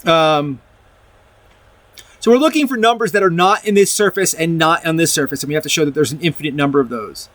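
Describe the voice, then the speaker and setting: A man with a fairly high voice walks through a math proof in a loose, conversational way, backing up and restarting his sentences as he goes. He reads from his notes and then adds comments of his own. The recording is dry and close, with no room sound. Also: fairly quick, no room sound. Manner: rambling, restarts often, reads from a document and comments. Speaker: math video presenter. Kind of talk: casual explanatory math lecture.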